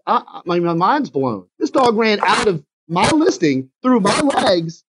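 A man's voice: high voice, sing-song, a little slow, few pauses, poor audio. A man with a South Louisiana accent, a realtor telling a story in a casual interview, acting out the phone calls as he goes.

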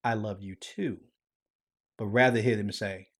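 Earnest soft-spoken male podcast host. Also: lowish voice, fairly even intonation, a little slow. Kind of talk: faith podcast conversation.

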